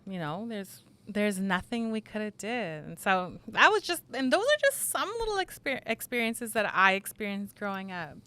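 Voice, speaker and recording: A woman's voice: mid-range voice, big pitch swings, normal speed, few pauses, bright, forceful tone. A woman co-hosting a casual podcast, recounting a strange experience in a chatty way full of "like" and "you know". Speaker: podcast co-host. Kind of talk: casual storytelling chat.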